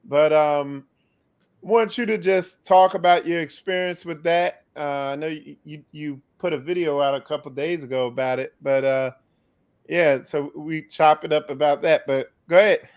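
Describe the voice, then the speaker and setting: Man, ministry show host, higher voice, smooth tone, halting and affirming. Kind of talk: casual faith discussion.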